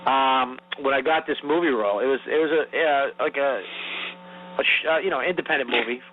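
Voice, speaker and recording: A man's voice: mid-range voice, a little fast. A man co-hosting a comedy podcast who tells a rambling, profane story full of restarts. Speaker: podcast co-host. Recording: tinny phone-like audio.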